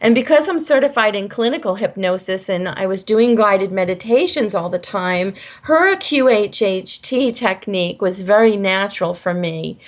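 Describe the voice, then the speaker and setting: A woman guest in an interview telling animated stories about her healing practice, acting out voices as she goes. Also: mid-range voice, normal speed, few pauses. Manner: animated storyteller, acts out quoted voices. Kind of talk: conversational interview storytelling.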